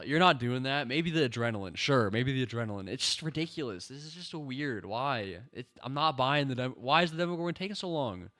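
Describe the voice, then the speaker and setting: Exasperated man ranting about a show. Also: medium pitch. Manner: exasperated, animated ranting with slang. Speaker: show reviewer. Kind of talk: casual TV review commentary. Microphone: personal microphone.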